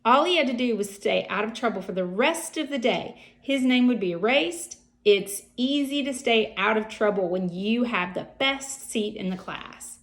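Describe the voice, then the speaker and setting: Gravelly woman reading a children's book. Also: fairly high pitch, normal speed, hardly any pauses. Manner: expressive, gravelly voice. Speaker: reader.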